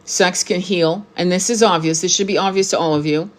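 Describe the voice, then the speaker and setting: A woman's voice: fairly low pitch, steady tone, a little fast. Blunt, profane woman in her sixties. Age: 60s. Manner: blunt and profane, with emphatic repetition. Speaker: tarot reader and spiritual teacher. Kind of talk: casual monologue to camera.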